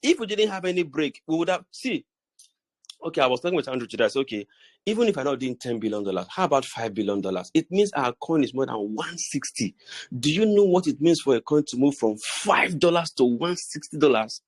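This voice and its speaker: A man's voice: on the high side, sing-song, fairly quick, dry recording. A middle-aged man with a Nigerian accent, giving a preachy motivational talk to his business group with many restarts and repeated phrases. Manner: preachy and repetitive, stammers and restarts.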